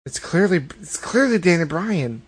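Man, podcast co-host, casual wrestling chat, exasperated riffing, fairly high voice, dry close sound. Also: sing-song, moderate pace, slightly rough, dry recording.

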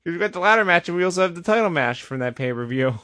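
Guy on a podcast, kinda high voice, dead dry mic, explains stuff at length. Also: lively intonation, fast talker, sharp tone, no room sound. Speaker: podcast co-host. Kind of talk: casual chat.

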